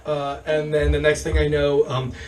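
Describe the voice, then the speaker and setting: Hoarse man doing rambling stand-up. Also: a little high, level tone, normal speed, recorded from a distance, low-quality recording. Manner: rambling, profane, chuckling often. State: hoarse, losing his voice. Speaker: stand-up comedian. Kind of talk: stand-up storytelling. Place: comedy show stage.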